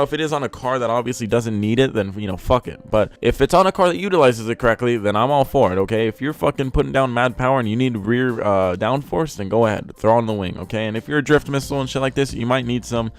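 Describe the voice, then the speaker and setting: A young man at home tears into cars in a loose, swear-heavy commentary. His voice sits at an ordinary middle pitch, and he keeps snapping from flat, fed-up grumbling into loud, exasperated bursts. Faint music plays underneath. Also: smooth. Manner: profane, exasperated, swings into loud outbursts. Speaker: car reviewer. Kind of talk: casual ranting commentary. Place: home room.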